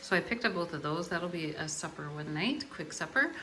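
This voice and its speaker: A middle-aged woman hosts a casual grocery haul vlog, chatting in an unhurried way with many ums and uhs. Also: sits low, animated, sharp tone, slight background noise. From Canada. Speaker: host.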